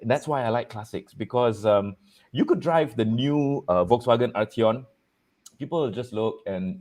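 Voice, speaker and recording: A man hosts a relaxed chat show in a voice of middling pitch. He talks with lively energy and breaks into laughter easily. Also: normal speed. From Malaysia. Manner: animated, jokey, laughs often. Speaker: host.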